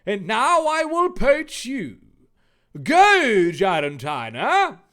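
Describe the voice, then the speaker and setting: A man voicing a bumbling, petulant male poacher villain from a comic story reading, in a shrill, theatrical way. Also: huge pitch swings, extremely slow, a bit bright, full character voice. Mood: gloating.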